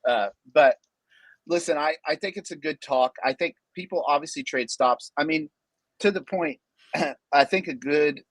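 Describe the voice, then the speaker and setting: A man's voice: on the high side, moderate pace, no echo. A man hosting a trading talk show in casual chat, joking and often restarting his sentences. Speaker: show host.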